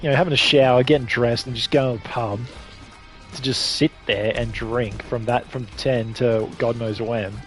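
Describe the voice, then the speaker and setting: A man's voice: medium pitch, fairly even intonation, normal speed, a bit bright, soft background music. A man with an Australian accent chatting casually while streaming a game, rambling from point to point and swearing freely. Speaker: gaming streamer.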